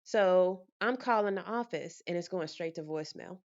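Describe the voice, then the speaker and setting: A woman vlogger in casual storytime mode, telling her story with lively energy and acting out the conversations. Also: on the low side, normal speed, highs cut off.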